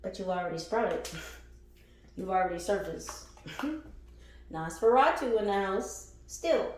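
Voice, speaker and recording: A woman's voice: medium pitch, lively intonation, slow, darkish tone, a little hiss or hum. A woman giving a casual spiritual reading, blunt and profane, who laughs between lines and repeats phrases for emphasis. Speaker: spiritual reader. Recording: very echoey room.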